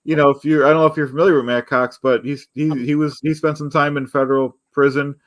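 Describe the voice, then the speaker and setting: A man in a casual talk stream, speaking in a measured, plain way as he offers suggestions to his co-host. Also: on the high side, little pitch movement, no room sound. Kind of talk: casual chat.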